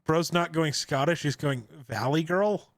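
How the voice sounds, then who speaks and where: A young man with a slightly high voice, cracking jokes and laughing through a casual podcast chat. He sounds close to the mic, with almost no room echo. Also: measured pace. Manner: joking, bursts into laughter. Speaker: podcast co-host.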